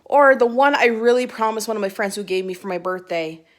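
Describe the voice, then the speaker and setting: This young book vlogger has a brisk, high-leaning voice as she chats to her phone camera. Her book talk is casual and giggly, full of rambling and restarts.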